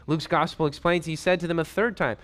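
A man preaching a sermon, reading and retelling scripture in an animated way and acting out the scenes. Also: on the high side, brisk.

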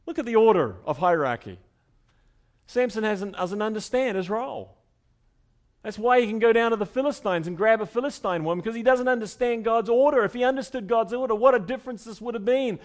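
High-voiced man preaching a sermon. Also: expressive, brisk. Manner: conversational preaching, swinging from soft asides to loud emphatic bursts. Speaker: pastor.

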